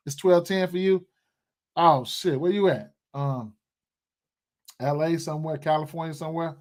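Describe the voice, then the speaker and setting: A man with a fairly high voice chats live with his viewers about sports picks. he talks in a loose, rambling way, full of slang and asides to his audience. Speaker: sports betting live stream host. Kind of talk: casual live stream chat.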